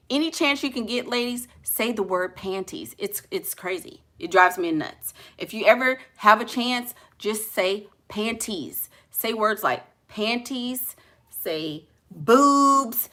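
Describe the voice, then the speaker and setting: Brief: bright-voiced woman vlogger, blunt and sassy, casual chat to viewers. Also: medium pitch, animated, measured pace. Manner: blunt and sassy, slangy asides. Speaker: vlogger answering viewer questions.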